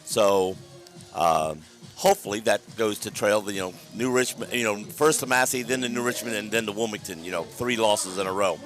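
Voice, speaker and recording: A man with a hoarse voice from a cold, calling a local high school football broadcast from a press booth with chatty, joking banter. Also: brisk, fairly bright tone, faint music behind. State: hoarse from a sore throat and chest cold. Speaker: play-by-play announcer. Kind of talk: local sports broadcast commentary.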